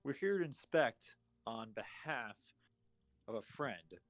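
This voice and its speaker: A man in character in a tabletop game, questioning calmly and firmly. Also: medium pitch, slow, soft background music. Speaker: player.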